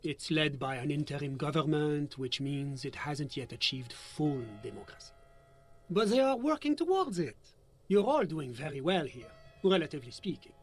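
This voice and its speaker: An actor voicing a genial, persuasive male moralist in a video game, talking in a smooth, lecturing way. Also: a little high, sing-song, moderate pace, soft background music. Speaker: game character. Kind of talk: voiced video game dialogue.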